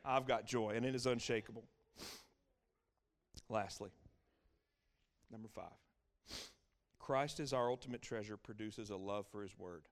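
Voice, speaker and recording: A middle-aged man preaching a sermon as pastor, with an emphatic, repetitive cadence that drops to hushed lines and climbs to loud exclaiming peaks. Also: fairly low pitch, unhurried, long pauses.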